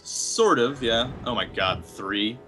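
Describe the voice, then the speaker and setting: A man's voice: medium pitch, animated, takes it slowly, pushed and bright, soft background music. A young man chatting casually while playing a card game, rambling and trailing off, with the odd curse. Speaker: player.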